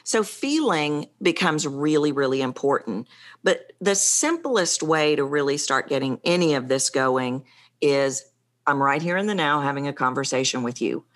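A woman's voice: low-pitched, lively intonation, normal speed. A middle-aged woman speaking coach, talking animatedly in an interview and shifting her pace for emphasis. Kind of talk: conversational interview.

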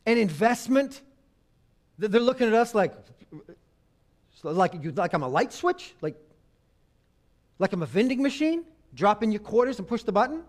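A man preaching a sermon on marriage, swinging from loud emphasis to hushed, intimate tones. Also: high-pitched, sing-song, normal speed, long pauses.

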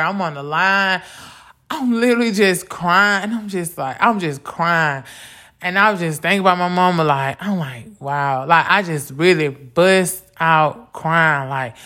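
Bright-voiced woman sharing her grief. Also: on the low side. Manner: casual, repeats "like" often, earnest. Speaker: podcast host. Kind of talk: heartfelt personal talk on grief and faith.

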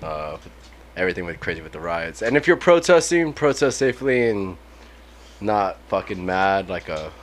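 A man co-hosting a podcast in loose, laughing casual chat, swearing freely and sounding high. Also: very animated, normal speed. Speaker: podcast co-host.

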